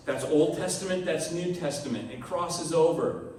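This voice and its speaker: A man's voice: fairly high pitch, moderate pace, a little mellow, slight background noise. A man preaching a sermon as pastor, talking in a conversational way and acting out the voices of people in the story. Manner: conversational, acts out quoted voices. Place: church hall. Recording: echoey room, heard from a distance.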